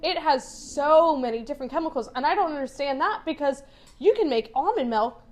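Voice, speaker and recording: A woman's voice: sits high, lively intonation, fairly quick, slight background noise. A woman co-hosting a casual podcast chat, ranting in a fired-up way and swearing a lot. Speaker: podcast co-host.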